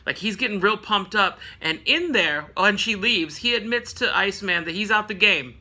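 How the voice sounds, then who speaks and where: A man's voice: high-pitched, lively intonation, normal speed, sharp tone. A young man hosting his own show, casually recapping a comic book issue in a slangy, laid-back way and briefly acting out the characters' lines.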